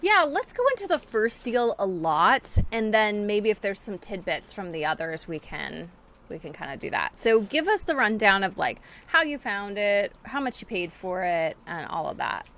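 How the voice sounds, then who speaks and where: A woman's voice: medium pitch, sing-song, moderate pace, fairly bright tone. A woman co-hosting a podcast, prompting her guest with friendly, conversational questions. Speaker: podcast co-host.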